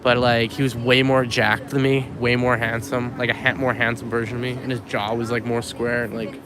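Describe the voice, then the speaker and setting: A man's voice: mid-range voice, flat delivery, normal speed, crowd noise, poor audio. A young man from Winnipeg rambling casually while walking outdoors with a handheld camera, full of likes and ums. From Winnipeg, Canada. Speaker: vlogger. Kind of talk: casual walking vlog monologue. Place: outdoors on a city street. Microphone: handheld camera rig while walking. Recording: street noise and passing cars. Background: city traffic.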